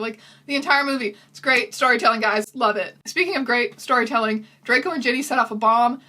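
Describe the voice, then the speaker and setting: A woman riffs through a movie recap in sarcastic, incredulous commentary. Her voice sits bright and slightly husky, a bit higher than most, close to the mic. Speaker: video host. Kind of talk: comedic commentary.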